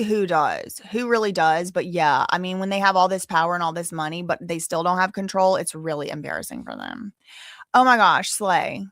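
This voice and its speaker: A woman's voice: medium pitch, fairly bright tone, dry recording. Chatty woman with a dry, close sound. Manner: chatty, playful asides, trailing restarts. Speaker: commentary channel host. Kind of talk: casual commentary on legal news.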